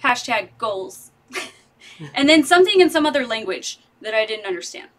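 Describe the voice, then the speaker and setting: Giggly, high-voiced young woman streaming from home. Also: big pitch swings, a little fast. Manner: giggly, rambling, chatty. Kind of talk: casual live-stream chat. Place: home room. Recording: distant mic with clear background noise.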